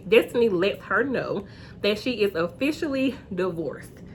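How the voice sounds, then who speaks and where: A woman hosting a casual reality TV recap, chatty and acting out quotes in high voices. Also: animated, measured pace, slight background noise.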